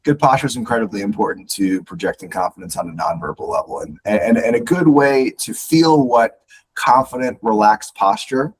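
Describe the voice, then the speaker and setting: A man giving coaching advice as a podcast guest, instructive and animated, often repeating words as he starts sentences. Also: mid-range voice, slight background noise, low-quality recording. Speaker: guest speaker on leadership.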